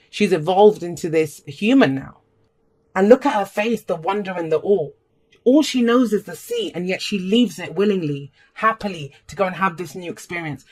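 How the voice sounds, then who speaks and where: At a medium pitch, a tarot reader talks to camera in a casual reading, blunt and emphatic. Swearing freely, they speak right to viewers and offer pep-talk encouragement.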